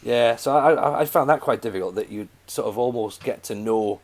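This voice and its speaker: A man's voice: mid-range voice, a little fast, over a noisy crowd. A man, a comedian guest on a podcast, chatting in a laid-back way. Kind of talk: casual chat.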